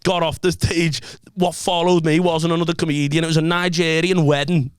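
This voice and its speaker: Scouse man telling stories, smooth voice. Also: fairly high pitch, level tone, brisk, no echo. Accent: Liverpool. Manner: swears freely, laughs often, acts out voices in stories. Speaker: podcast host and comedian. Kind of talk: casual chat, storytelling.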